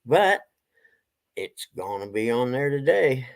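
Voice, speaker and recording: Folksy middle-aged guy, gravelly voice, winded, casual home stream. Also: mid-range voice, very animated, slow, poor audio. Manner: folksy, talks to his pets and chat viewers. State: out of breath. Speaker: livestreamer. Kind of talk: casual livestream chat.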